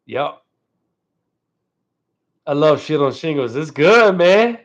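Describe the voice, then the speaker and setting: A man's voice: on the high side, very animated, takes it slowly. Laid-back man chatting on a lo-fi live stream. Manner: laid-back, ends phrases with "man", keeps thanking viewers. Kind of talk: casual live-stream chat with viewers. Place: at home. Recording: dull lo-fi stream audio.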